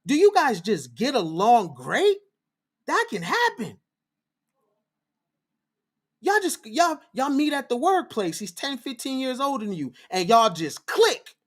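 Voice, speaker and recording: Male livestream host, preachy and fiery, lively swooping pitch, repeats lines for emphasis. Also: a little slow, long pauses.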